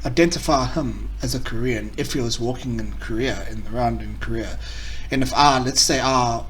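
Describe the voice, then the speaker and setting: A man talking through a casual reaction video in a rambling, self-correcting way, mocking as he goes. He sits a little back from the microphone, so the voice sounds slightly distant, at a mid pitch for a man. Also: normal speed, a bit bright, a little hiss or hum.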